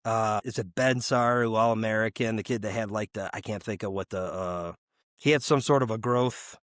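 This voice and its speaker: A man's voice: lowish voice, moderate pace, no echo, studio quality. A young adult man co-hosting a sports podcast, telling loose, rambling stories full of fillers and casual swearing. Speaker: podcast co-host. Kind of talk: casual chat.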